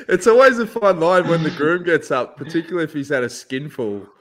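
A man's voice: on the high side, a bit bright. A man hosting a podcast, chatting in a laid-back, jokey way. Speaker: podcast host. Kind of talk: casual chat.

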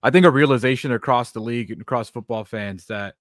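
A male sports talk co-host talks fast and picks apart the game. His voice sits close in a dry studio recording. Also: mid-range voice, no echo.

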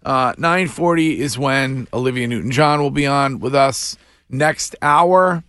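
A man's voice: mid-range voice, smooth, no room sound. Brief: male radio host, dry close mic, upbeat ad reads. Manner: animated, quick to laugh. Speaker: radio morning show host. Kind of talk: radio talk and live ad reads.

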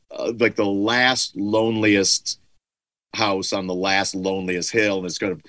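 A middle-aged man with a fairly low voice tells a story in a relaxed interview. He rambles loosely, leaning on "like" and restarting his sentences as he goes. The sound is dry and close, with no room around it. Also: no room sound. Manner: loose storyteller with frequent "like" fillers. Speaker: guest musician. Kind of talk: casual anecdote in an interview.

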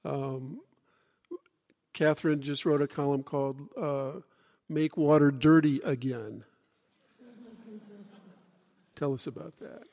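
A man moderating a live panel, speaking in a relaxed, reflective way. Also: fairly high pitch, measured pace, creaky. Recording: reverberant hall.

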